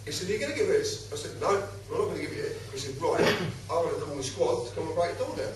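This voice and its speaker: A man's voice: a little high, very fast, very noisy. A man telling a story to a live audience at home, acting out both sides and swearing freely. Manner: animated, swearing, acts out both sides of his stories. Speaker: speaker giving a public talk. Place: home, recorded in a reverberant room. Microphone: far camera. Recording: very echoey room, camera from far off.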